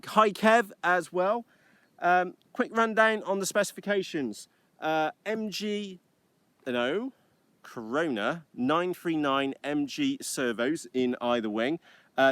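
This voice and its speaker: Out in a field, a UK-born host chats through a live stream on his iPad, flying model planes and meandering cheekily with lots of uhs. His voice is on the high side and fairly bright, with no echo.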